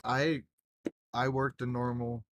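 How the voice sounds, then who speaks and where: A man's voice: mid-range voice, little pitch movement, takes it slowly, no echo. A young man in casual chat, rambling through a story with lots of fillers and swearing. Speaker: gaming group member telling a story.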